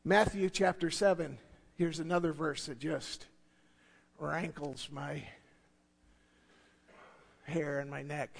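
A man preaching a sermon as a pastor. He is emphatic, drops to hushed asides, builds to shouted points and repeats key words for effect. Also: on the high side, gravelly. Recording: long reverb of a large hall.

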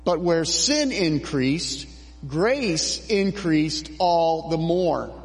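A middle-aged man preaching a sermon as pastor, slow and emphatic with dramatic pauses. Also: a little high, animated, long reverb tail, soft background music.

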